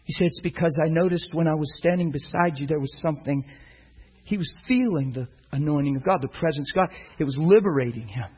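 Husky-voiced preacher telling an animated story. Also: male voice, fairly high pitch, a little fast, low-quality recording. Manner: animated storyteller acting out dialogue. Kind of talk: sermon storytelling.

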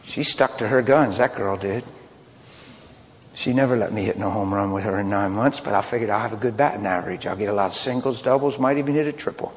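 A man preaching a sermon, mixing loud outbursts with hushed personal confessions as he tells a story. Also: lowish voice, fast. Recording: long hall reverb, faint ambience.

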